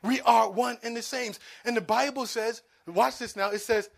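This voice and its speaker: A man preaching a sermon as pastor, swinging between quiet asides and loud, pleading emphasis. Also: very high-pitched, fairly even intonation, moderate pace, vocal fry, hardly any pauses.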